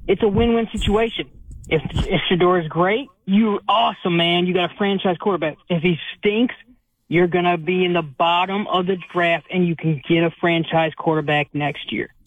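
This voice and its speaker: A man calling in to a sports radio show, sounding worked up and exasperated. His voice sits high and comes over a dry, tinny phone line. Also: steady tone, moderate pace, no room sound. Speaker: caller. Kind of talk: call-in radio talk.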